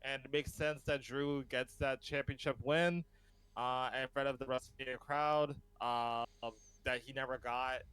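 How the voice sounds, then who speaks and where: A man hosts a relaxed podcast chat, eager and laughing easily between thoughts. His voice is smooth and clean, mid-pitched, recorded dry and close. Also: dry recording, low-quality recording. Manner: enthusiastic, laughs often, many ums. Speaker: podcast host. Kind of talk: casual chat.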